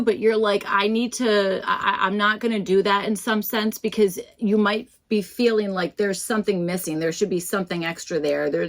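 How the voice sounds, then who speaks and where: Young woman, tarot reader, casual rambling chat with restarts and fillers. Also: mid-range voice. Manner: chatty and self-deprecating. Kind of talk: casual tarot reading to camera.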